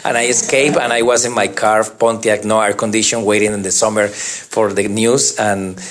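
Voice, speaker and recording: A man telling his life story in an interview, speaking halting, broken English full of restarts and acting out the people he talks about. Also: fairly low pitch, a crowd in the background. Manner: lively, acts out the voices of people in his stories.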